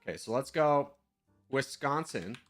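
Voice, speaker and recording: A man streaming live, talking through his guesses out loud in a loose, self-mocking way. His voice is bright and forward, and his pitch jumps around a lot. Soft music plays faintly underneath. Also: animated, a little slow. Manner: thinks aloud, chatty, self-mocking. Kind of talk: casual live-stream commentary.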